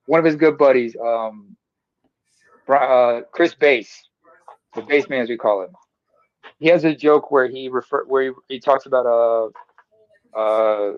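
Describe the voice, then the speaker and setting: A man's voice: mid-range voice, no room sound, lo-fi sound. A man chatting casually on a group call, telling stories in a rambling, profane way. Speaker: panelist.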